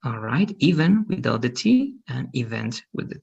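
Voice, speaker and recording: A man's voice: medium pitch, very animated, moderate pace, creaky, a little mellow, slightly rough, lo-fi sound. A man teaching English pronunciation on a video call, patient and explaining, checking understanding with frequent questions. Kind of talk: online pronunciation lesson.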